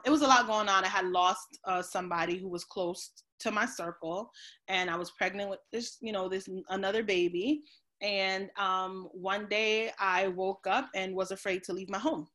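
A woman's voice: on the low side, a bit bright. Woman guest, life coach, candid storyteller, video call, lots of "um"s. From New Jersey. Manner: open, storytelling, frequent "um" pauses. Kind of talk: casual video interview.

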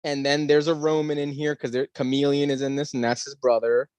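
A man co-hosting a podcast in casual chat, animated, sarcastic and profane. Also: mid-range voice, a little fast, dry recording. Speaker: podcast co-host.

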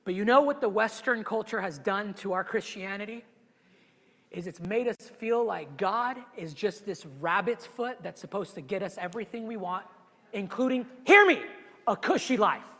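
Male pastor, very high and bright voice, emotional sermon delivery, church hall reverb. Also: moderate pace. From immigrated to the US at twelve. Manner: emotional, animated preaching with many restarts. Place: church sanctuary.

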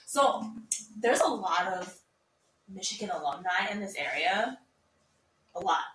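A bright, clear young woman chats and teases her co-hosts, acting out little exchanges as she tells stories. She sits slightly back from the mic in a roomy, echoing space with a faint hum behind her. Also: mid-range voice, measured pace, distant mic. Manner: teasing, animated storyteller. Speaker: podcast co-host. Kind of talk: casual chat.

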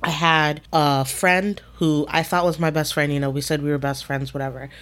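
Woman with a low voice, casual podcast chat, animated storytelling. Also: moderate pace. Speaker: podcast co-host.

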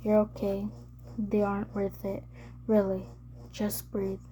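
Woman voicing gentle young man, soothing, protective, mellow, unhurried. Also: medium pitch, completely flat delivery, slight background noise, close to an everyday voice.

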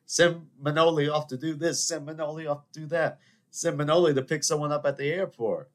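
A man putting on a resentful, insecure mob brother who whines loudly and pleads for respect. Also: a little high, steady tone, fairly quick, pitched above the performer's own voice, close to an everyday voice. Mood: aggrieved. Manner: whiny, loud and pleading.

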